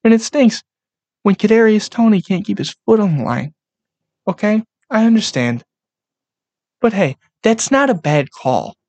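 A young man hosting a casual solo sports podcast, ranting in an animated, profane, rambling way. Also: high voice, a little slow, pauses often, no echo. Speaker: podcast host.

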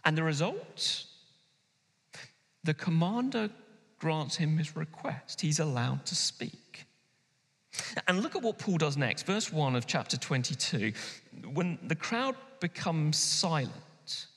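A man preaching a sermon as pastor, animated and emphatic, slowing down and pausing for effect. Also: on the high side. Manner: animated, emphatic preaching with sudden pauses and slowdowns. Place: church hall. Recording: long hall reverb.

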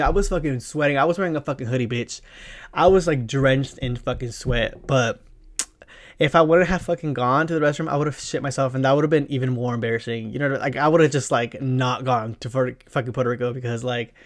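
A man's voice: medium pitch, a bit bright. A young man hosting his own podcast, telling an embarrassing story in a rambling, profane way, full of fillers and slang. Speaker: podcast host. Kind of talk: casual storytelling monologue.

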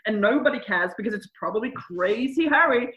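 A woman co-hosting a casual chat, animated and jokey, swearing freely. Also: fairly high pitch, fairly quick, reverberant. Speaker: podcast co-host. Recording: dull lo-fi sound.

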